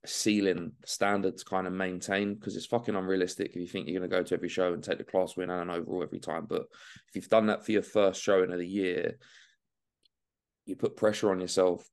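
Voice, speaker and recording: A young Englishman chats easily on a podcast, his very deep voice sitting low the whole way through. He talks in a relaxed, loose way, peppering his talk with swearing and calling people mate. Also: clean tone. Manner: laid-back, swears freely, says mate and man. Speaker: bodybuilding guest. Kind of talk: casual podcast chat.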